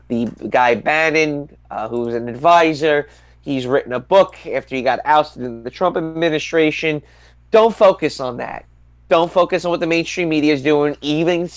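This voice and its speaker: A man's voice: fairly high pitch, clear, resonant tone, no room sound. A man hosting a podcast, moving from casual chat into emphatic political commentary and repeating his points for effect. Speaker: podcast host.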